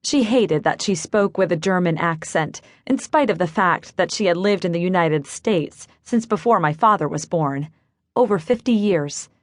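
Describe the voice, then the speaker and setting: A woman reading a cozy mystery in first person, even and clear, close to a studio mic. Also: lowish voice, normal speed, no room sound. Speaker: audiobook narrator. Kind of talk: scripted first-person narration.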